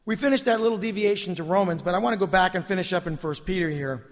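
A man's voice: high voice, quick pace, in a large hall. A man preaching a sermon as pastor, his voice tired, repeating key phrases with emphasis.

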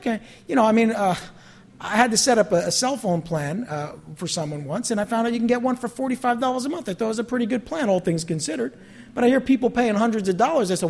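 A man teaching a Bible study as a pastor, talking in a conversational, animated way and acting out the voices of people he quotes. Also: very high-pitched, fast, creaky.

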